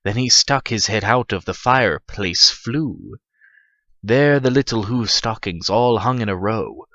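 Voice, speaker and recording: A man's voice: on the low side, a little slow, bright, forceful tone, no room sound. A man reading a rhyming holiday tale aloud as a profane comic parody, stumbling over lines, in a dull, dry lo-fi recording. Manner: profane, stumbling, laughing at himself. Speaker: reader. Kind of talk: comedic parody read-aloud.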